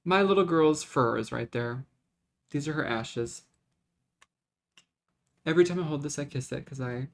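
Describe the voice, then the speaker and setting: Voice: medium pitch, normal speed, vocal fry, long pauses. A vlogger talking to camera in a rambling, dramatic, self-mocking way, in a casual rant.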